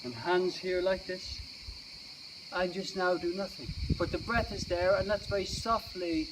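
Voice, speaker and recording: Gentle high-voiced man leading kids' yoga. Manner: gentle, playful, slow guiding. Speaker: yoga teacher. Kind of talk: guided kids' yoga and meditation. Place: outdoors. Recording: distant mic, outdoor noise.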